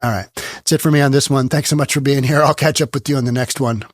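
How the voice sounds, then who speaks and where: A man's voice: mid-range voice, fairly even intonation, fast talker. A man hosting a political commentary monologue, talking casually and sarcastically and repeating words for emphasis. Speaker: host.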